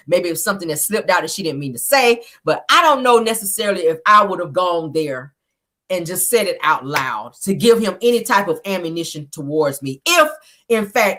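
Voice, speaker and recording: Lower-pitched woman host doing a casual, emphatic reality show recap, peppered with asides. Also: pushed and bright. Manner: chatty and emphatic, with frequent "okay?" asides and bursts of laughter.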